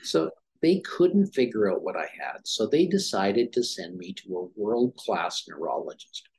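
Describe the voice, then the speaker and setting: A man's voice: on the low side, big pitch swings, a little slow, a little mellow, slightly rough. A middle-aged man, a former dermatologist, telling his story as an interview guest and acting out the dialogue in it. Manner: anecdotal, acts out quoted dialogue.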